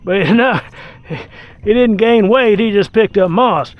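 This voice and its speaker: A man calmly talking through his fishing from a boat on a lake, often sighing. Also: sits high, a little slow, lo-fi sound. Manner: relaxed, talks to the fish, frequent sighs. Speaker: fishing vlogger. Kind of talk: casual on-the-water commentary.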